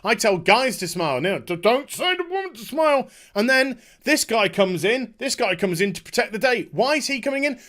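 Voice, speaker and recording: Sarcastic man ranting, high voice. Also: sharp tone. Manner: sarcastic, mocking, exasperated. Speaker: commentary channel host. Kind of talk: ranting video commentary.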